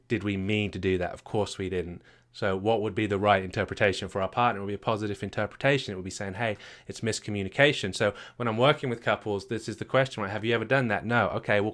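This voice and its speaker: A man's voice: fairly low pitch, fairly even intonation, quick pace, fairly bright tone. A man from the UK, a marriage coach teaching a live session with emphatic rhetorical questions and frequent repetitions. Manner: emphatic, rhetorical questions, many repeated words.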